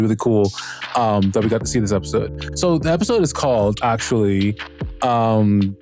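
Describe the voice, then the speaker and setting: A man's voice: lowish voice, darkish tone. A man hosting a podcast, giving a casual solo review of a TV series, rambling with lots of fillers, restarts and swearing.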